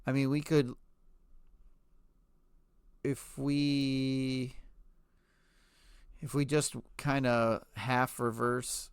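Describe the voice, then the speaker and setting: A man with a gravelly, creaky voice talks through his card game, reading out card text and quickly catching his own mistakes. He sounds close and dry on the mic, with no room around him. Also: medium pitch, level tone, dry recording. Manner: thinks aloud, reads card text, quick corrections. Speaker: podcast co-host. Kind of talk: casual card-game play talk.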